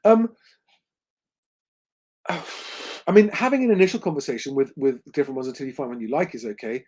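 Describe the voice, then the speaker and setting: A man's voice: mid-range voice, fairly quick, darkish tone. A man hosting a livestream Q&A, talking conversationally with lots of ums and restarts. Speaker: host.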